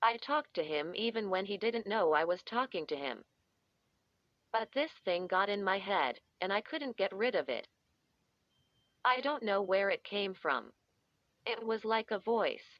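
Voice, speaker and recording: A woman's voice: mid-range voice, very animated, unhurried, no room sound, muffled recording. A woman doing sly, taunting Sasha. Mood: confiding. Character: menacing, teasing young woman with a cackle.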